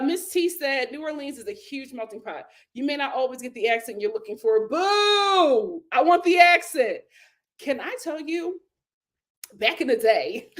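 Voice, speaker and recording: A woman hosts a casual live stream and reads viewer comments aloud. Her voice sits high and swings widely in pitch. She laughs often and breaks into loud exclamations. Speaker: live-stream host reading chat.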